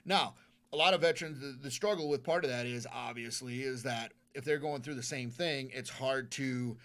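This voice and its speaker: A man speaking as a veteran guest in a relaxed interview, earnest and open. His voice sits at an ordinary middle pitch. He tends to repeat words as he gathers his thoughts, keeping the talk loose and unpolished. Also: moderate pace. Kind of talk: casual interview storytelling.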